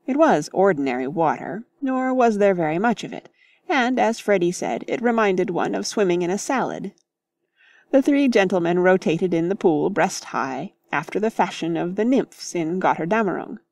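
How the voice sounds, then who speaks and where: A woman narrating a classic novel in measured, lively storytelling. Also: lowish voice, dry recording. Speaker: audiobook narrator.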